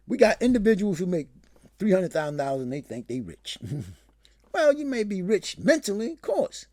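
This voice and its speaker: A man's voice: high-pitched, very animated, normal speed, darkish tone, no room sound, clean studio sound. A man hosting his own show, giving a rambling and impassioned solo commentary. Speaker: show host.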